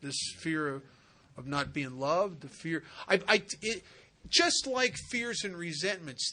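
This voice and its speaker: A man speaking at a recovery retreat, telling funny stories in an animated, joking way with slangy asides. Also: fairly high pitch. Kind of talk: humorous storytelling talk. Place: retreat center meeting.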